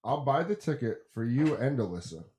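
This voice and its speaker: A man's voice: mid-range voice, very animated, normal speed, dark tone. A man co-hosting a podcast, chatting in a laid-back way and swearing freely. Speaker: podcast co-host. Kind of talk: casual chat.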